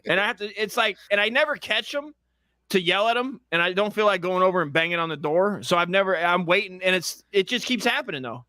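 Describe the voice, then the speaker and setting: Brief: ranting profane male co-host, high pitch, dry sound. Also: expressive, fast, sharp tone, no echo. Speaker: podcast co-host. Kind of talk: crude comedic casual chat.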